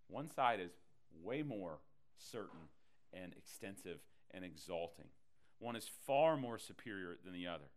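A man preaching a sermon to a congregation. He teaches in an animated way and acts out the people in his stories. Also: fairly low pitch. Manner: animated preaching, acting out voices in quotes. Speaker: pastor.

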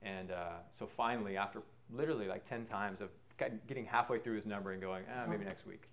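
A man giving a personal faith testimony, earnest and reflective, pausing often with fillers as he talks. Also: on the low side, a bit bright. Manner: halting, with many pauses and fillers. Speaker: speaker sharing a faith testimony.

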